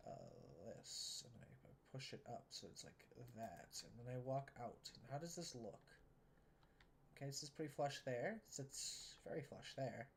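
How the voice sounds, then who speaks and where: A woman's voice: very deep voice, a little mellow, slight background noise. A woman streaming a train building game, talking casually to herself and viewers, sarcastic and exasperated, often swearing.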